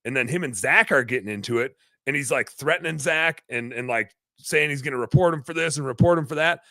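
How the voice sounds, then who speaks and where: A man hosting a podcast, telling a long story in a rambling, animated way, full of fillers. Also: mid-range voice, fairly quick, creaky, dry recording. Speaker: podcast host, business owner.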